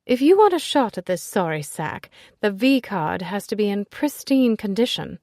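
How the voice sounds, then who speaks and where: A woman voicing a brash, cheeky aristocratic lady who teases loudly and bluntly. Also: mid-range voice, very animated, normal speed, no room sound, studio quality. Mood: teasing. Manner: bold, cheeky, exclamatory. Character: brash, bawdy aristocratic lady, teasing and loud.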